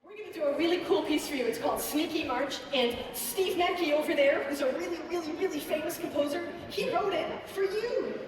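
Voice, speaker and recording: Woman, high voice, children's concert host, encouraging, distant mic, echoey concert hall. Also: fairly quick, few pauses, background noise. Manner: lively, encouraging, speaking to children. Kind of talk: teaching children at a family concert. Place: large concert auditorium.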